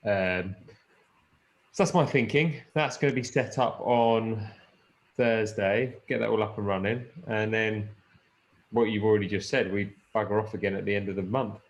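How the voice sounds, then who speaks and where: A man's voice: fairly low pitch, steady tone, moderate pace. A man hosting a casual podcast chat, rambling with fillers and swearing. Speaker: podcast host. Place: lives in the Peak District.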